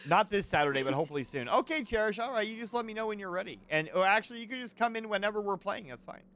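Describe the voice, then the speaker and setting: A man's voice: high-pitched, lively intonation, very fast, a bit bright. A man hosting a game stream, chatting playfully with a co-host and reading chat aloud.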